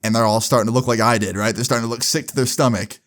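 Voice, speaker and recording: A man's voice: medium pitch, fairly even intonation, rapid-fire, fairly bright tone. A young man telling a storytime vlog in a casual, profane way, with lots of filler words. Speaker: vlogger.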